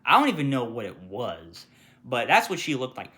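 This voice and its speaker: Young male retail worker venting on camera, animated and bright, heavy swearing. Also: medium pitch, normal speed. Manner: profane, animated, mimics customers with sudden shouts. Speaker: retail worker telling customer stories. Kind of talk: casual storytime rant.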